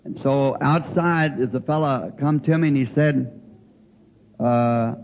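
Older male preacher, folksy halting storyteller, tinny lo-fi recording with faint hiss. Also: medium pitch, lively intonation. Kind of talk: folksy sermon anecdote.

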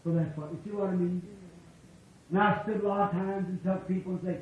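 A preacher leads a healing service, pleading in a fervent, drawn-out way. His voice sits a little high for a man. It rings through a very echoey church on a dull old recording. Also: slight background noise. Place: church hall.

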